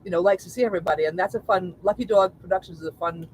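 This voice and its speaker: A woman's voice: fairly low pitch, very fast, a little mellow, a little hiss or hum, poor audio. Chatty woman on a livestream. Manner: chatty, repeats herself, laughs easily. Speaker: co-host of a travel livestream. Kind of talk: casual livestream chat.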